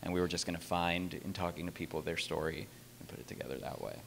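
A man's voice: low-pitched, fairly even intonation, fast, creaky, a little hiss or hum. A man with a neutral American accent, a television news reporter, speaking matter-of-factly about his work to a class. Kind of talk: sharing experience in a class.

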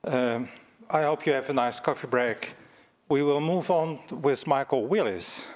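A seminar moderator introduces the next speaker. He is a man of middle pitch, a little out of breath, hesitant, with many fillers. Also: unhurried. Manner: hesitant, with restarts.

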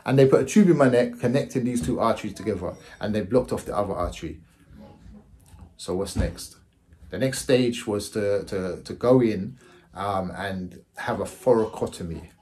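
A man in his forties casually telling his own story to camera, repeating himself and often checking in with the listener. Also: normal speed. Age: 40s. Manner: animated, jumps into high exclaiming voices. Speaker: vlogger.

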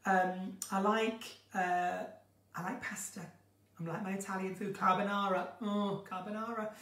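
A northern English woman with a medium-pitched, fairly bright voice speaks a little slowly, with little pitch movement. On a casual live stream from home, she chats theatrically, reading out viewers' questions and comments and answering them. She's a bit distant from the mic, and the room adds a noticeable echo.

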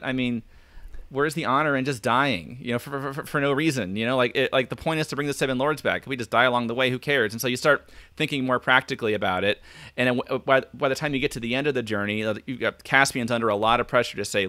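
A man's voice: mid-range voice, brisk, sharp tone, dry recording. A man speaking as a podcast guest over a video call, thinking aloud and acting out quoted lines. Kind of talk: casual video call chat.

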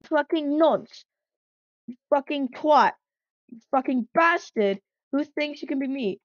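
A furious male train engine, played by a woman, loud, aggressive and swearing. His voice swings sharply in pitch. The recording is dull and dry. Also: very animated, normal speed, no room sound.

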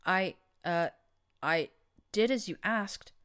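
A woman's voice: lowish voice, slow, a bit bright, smooth, pitched above the performer's own voice. A woman voicing a timid, mousy young mare pony who stammers nervously, in an audiobook reading. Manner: hesitant, stammering.

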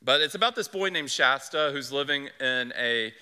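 A male pastor preaches in an earnest, conversational way, his voice very bright and sharp. He talks at a middling pitch for a man. A long reverb from the church sanctuary trails behind his words. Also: lively intonation, moderate pace, smooth. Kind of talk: sermon.

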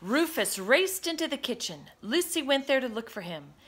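A woman reading a children's picture book aloud in an expressive, sing-song manner. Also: sits high, moderate pace, breathy edge. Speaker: storybook reader. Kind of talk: children's read-aloud narration.

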